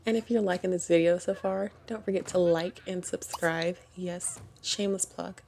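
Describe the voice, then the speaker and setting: A woman's voice: lowish voice, fairly even intonation, normal speed, creaky, a little mellow. A woman hosting a gaming channel who talks through her life-sim game in casual commentary, chatty and giggly, often correcting herself. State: hiccups.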